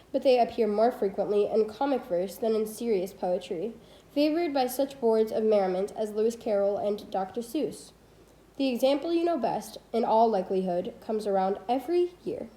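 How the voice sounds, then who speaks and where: A woman's voice: a little high, animated, moderate pace, warm tone, reverberant, rough recording. A teenage girl reading a poetry textbook aloud, stopping to correct her slips and adding asides. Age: teens. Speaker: student reading a book aloud. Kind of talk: casual read-aloud of a textbook.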